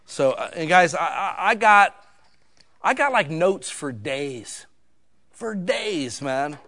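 Folksy preaching man, fairly high voice. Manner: folksy, conversational preaching with sudden loud emphatic bursts. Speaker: pastor. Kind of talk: sermon.

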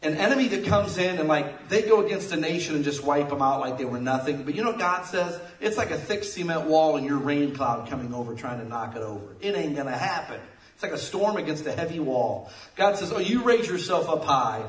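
A man preaching a sermon, telling jokey stories with sudden loud outbursts. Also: on the high side, fairly quick. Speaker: pastor. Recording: echoey room, mic at a distance.

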